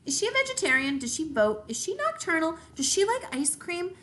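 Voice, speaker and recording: A woman voicing an excitable, chatty little girl who asks eager questions in rapid succession. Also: very high voice, pitched above the performer's own voice, heavily acted. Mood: eager curious.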